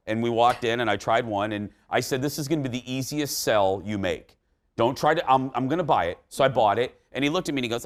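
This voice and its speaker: A man's voice: medium pitch, expressive. A man in his forties hosting a live morning talk show in an upbeat, chatty way. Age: 40s. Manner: upbeat and chatty, quick asides. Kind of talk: lively morning show chat. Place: TV studio with live audience.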